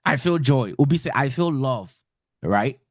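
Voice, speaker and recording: A Ghanaian man teaches couples about feelings in a loose, conversational way, stacking repeated words to drive a point home. His voice sits at an ordinary middle pitch. The recording is close and dry, with no room echo. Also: expressive, measured pace. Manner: mixes Twi and English, repeats words for emphasis. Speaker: relationship teacher. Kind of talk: informal lecture.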